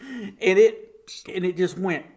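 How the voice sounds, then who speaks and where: A man's voice: high voice, takes it slowly. A man, a guest on a podcast, telling a story in casual chat, often laughing and acting out the voices of the people in it. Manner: animated, laughs often while telling stories; acts out voices of people in his stories.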